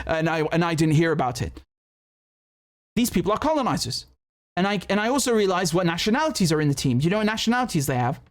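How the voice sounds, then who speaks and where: Man in his thirties, UK-born political commentator, higher-pitched voice, emphatic and rhetorical livestream delivery. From United Kingdom. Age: 30s. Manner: emphatic, rhetorical, frequent restarts.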